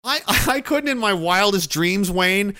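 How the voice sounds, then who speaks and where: A man ranting in a sarcastic, profane, indignant commentary. His voice sits high for a man, with a bright, sharp edge. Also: expressive, measured pace.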